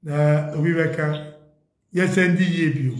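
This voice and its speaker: A man's voice: on the high side, steady tone, slow pace. Earnest pleading Ghanaian man, echoey room. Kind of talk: impassioned appeal, Twi mixed with English.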